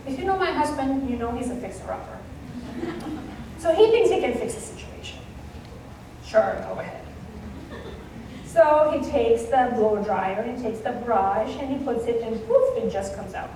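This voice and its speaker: A woman from Kenya giving a keynote talk, telling a personal story in an animated way and acting out the dialogue. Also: a little high, measured pace, pauses often, a little hiss or hum. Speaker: keynote speaker. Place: conference hall stage. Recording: echoey hall, mic at a distance.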